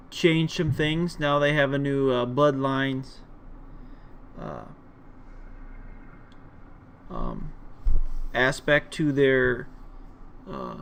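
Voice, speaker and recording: A man's voice: medium pitch, fairly bright tone, a little hiss or hum. A man hosting a casual gameplay commentary video, rambling with many fillers. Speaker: gaming video host.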